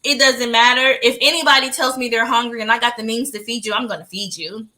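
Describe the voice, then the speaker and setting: A woman co-hosting a casual chat, telling a story in an animated way, laughing and acting out what people said. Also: fairly high pitch, fast talker. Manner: animated, laughing, acts out quotes. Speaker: podcast co-host.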